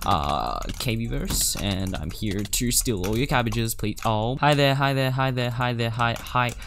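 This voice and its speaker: A young man, commentating his own gameplay, excitable and gasping, swinging between loud yelps and mumbled asides. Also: mid-range voice, measured pace, noisy background. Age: teens. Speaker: gaming YouTuber.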